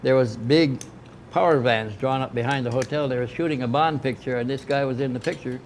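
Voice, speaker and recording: A man's voice: mid-range voice, brisk, slight background noise. An older man casually recounting a long story, acting out the voices of people he quotes. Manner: rambling anecdotal, acts out quoted dialogue. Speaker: interviewee recounting experiences.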